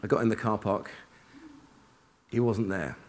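A man giving an informal church sermon, telling personal stories in a lively, self-deprecating way and acting out his own thoughts. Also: lowish voice, measured pace. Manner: animated, self-deprecating, acts out inner dialogue. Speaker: preacher. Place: church hall with congregation.

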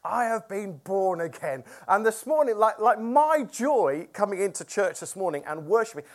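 A man delivering a conversational sermon. He often puts questions to the congregation. His voice swings widely in pitch and keeps an animated, informal tone. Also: moderate pace. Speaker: pastor.

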